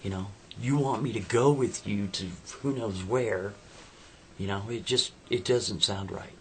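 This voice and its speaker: A man voicing a skeptical, devout young woman in a spoken story, her tone incredulous and rising to shrill. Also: unhurried, slight background noise. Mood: wary.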